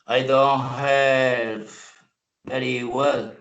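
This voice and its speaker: A man's voice: mid-range voice, flat delivery, very slow, a bit bright. A man with a Spanish accent speaking as a student on a video call, hesitant with many fillers, his audio muffled.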